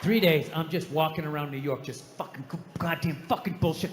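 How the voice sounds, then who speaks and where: A man telling a stand-up story, ranting in an animated way and breaking into sudden shouts. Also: fairly high pitch, fast talker, hardly any pauses, a little hiss or hum. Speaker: stand-up comedian. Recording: echoey hall, faint ambience.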